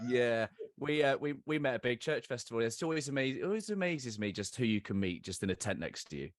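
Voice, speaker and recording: A man hosting a podcast interview, chatty and quick to laugh. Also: medium pitch, lively intonation. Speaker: podcast host.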